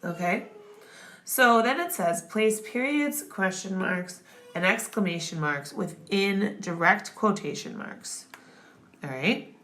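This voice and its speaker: Woman, tutor, slow-paced, patient, checks for understanding, classroom explanation. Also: medium pitch, expressive, a bit bright. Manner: patient, checks in with "okay?" and "right?". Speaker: grammar tutor.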